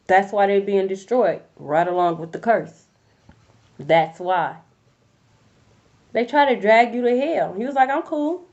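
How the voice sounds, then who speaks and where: A woman's voice: medium pitch, lively intonation, a little slow, pauses often, darkish tone. Blunt, profane woman on lo-fi audio. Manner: blunt, profane, fired-up talk. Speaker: tarot reader. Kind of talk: casual tarot reading rant. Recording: dull lo-fi audio.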